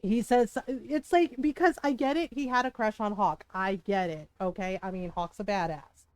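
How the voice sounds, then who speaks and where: A woman's voice: mid-range voice, moderate pace, darkish tone, clear, resonant tone, dry recording. A woman game streamer in casual livestream chat, ranting heatedly, swearing often and breaking into laughs.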